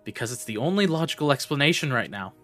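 A man playing his character in a tabletop game, speaking in a measured, reasoning way. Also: medium pitch, sing-song, fairly bright tone, soft background music. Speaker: player. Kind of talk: in-character tabletop role-play.

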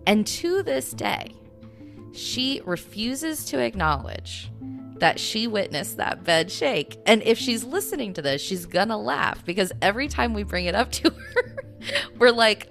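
A woman's voice: medium pitch, sing-song, a little slow, vocal fry, fairly bright tone, soft background music. A woman podcast host telling a story in a casual, rambling way, full of little asides.

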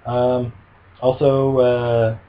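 A man's voice: medium pitch, little pitch movement, very slow. A man co-hosting a casual movie podcast, joking around and slipping into goofy impressions. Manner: jokey, does goofy impressions. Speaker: podcast co-host. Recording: muffled lo-fi audio with faint hiss.

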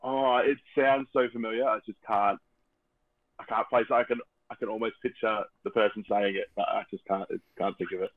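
A man co-hosting a podcast, relaxed and agreeable, often repeating his words. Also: lowish voice, moderate pace, no room sound, narrow, tinny audio. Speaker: podcast co-host. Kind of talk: casual chat.

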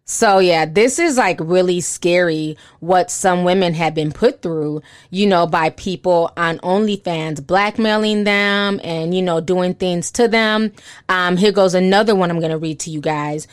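A woman's voice: fairly low pitch, measured pace, no echo, studio quality. A young woman giving casual commentary and reading posts aloud, with lots of "you know" fillers.

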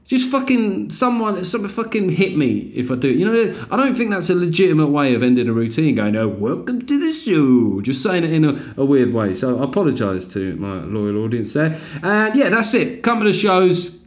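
A man's voice: a little high, big pitch swings, fairly quick, few pauses. A man hosting his own podcast, a comedian, chatty and self-mocking with casual swearing.

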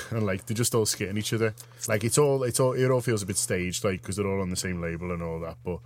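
A man chats on a radio show, his voice sitting fairly low. He rambles and restarts as he tells a story, keeping it loose and casual. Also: fairly even intonation, quick pace. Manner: rambling, self-interrupting storyteller. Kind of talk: casual chat.

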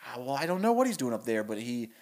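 A man's voice: medium pitch, sing-song, fast, a little mellow, voice pushed down. A man voicing a bumbling male professor who mutters and rambles. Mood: dismissive. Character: bumbling male mad professor, vague and quiet.

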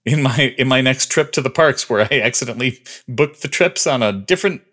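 A man's voice: mid-range voice, lively intonation, fairly quick, a bit bright. A man co-hosting a podcast in casual chat, listing trivia with lots of ums and uhs. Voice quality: rambling, listing trivia with many fillers. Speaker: podcast co-host.

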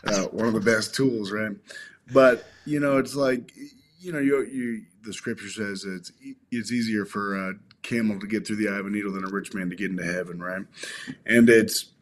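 A man's voice: lowish voice, steady tone, normal speed. A man, a company founder on a podcast, speaking reflectively and restarting his phrases. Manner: thoughtful, restarting phrases, faith-minded. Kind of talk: reflective conversation.

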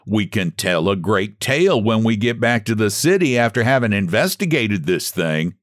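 A man voicing a pudgy city man who speaks calmly and with a sneer. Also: on the low side, normal speed, no echo, clean studio sound, lightly acted. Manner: calm, sneering.

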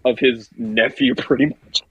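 A man's voice: mid-range voice, steady tone, slow, slightly rough, highs cut off. A young man co-hosting a podcast, joking and teasing in casual chat. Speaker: podcast co-host.

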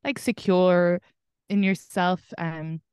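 A woman's voice: on the low side, fairly even intonation, takes it slowly, darkish tone, clean tone, no room sound, studio quality. A young Irish woman comedian chatting candidly in an interview, swearing casually. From Ireland. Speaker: comedian guest.

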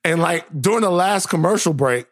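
A man on a podcast with a fairly high voice that leaps around, teasing his co-host and acting out bits of a childhood story. His talk is loose and playful. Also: lively intonation, fairly quick. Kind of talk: casual podcast chat.

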